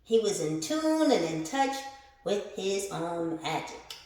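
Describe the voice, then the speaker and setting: A woman giving a casual spiritual tarot reading, animated and laughing, who swears freely and calls her viewers the collective. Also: mid-range voice, slow pace, slight background noise. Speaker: tarot reader. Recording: very echoey room.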